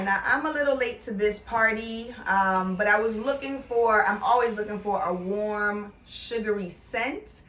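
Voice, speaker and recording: Middle-aged woman vlogger, playful and punchy, bright tone, roomy sound. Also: medium pitch, unhurried, hardly any pauses, distant mic. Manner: chatty, playful and emphatic. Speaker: beauty vlogger. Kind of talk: casual product review. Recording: echoey room, voice off-mic.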